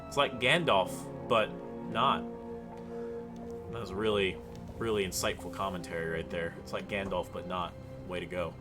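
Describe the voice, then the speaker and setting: A man's voice: low-pitched, steady tone, normal speed, over music. A man streaming a video game let's play, giving casual commentary with joking, wry asides.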